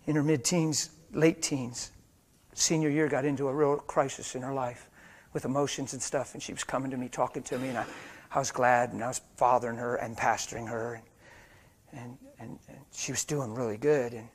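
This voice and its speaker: A middle-aged man preaching a sermon in a church, moving between quiet, hushed storytelling and loud, fervent exhortation. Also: mid-range voice, steady tone, fairly quick, slightly rough.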